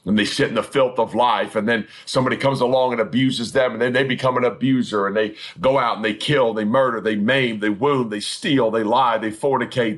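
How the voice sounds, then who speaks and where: A middle-aged male pastor delivers a fervent sermon, hammering points home through repetition. His voice sits low and carries a husky edge. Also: a bit bright. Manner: fervent, emphatic preaching with repeated phrases.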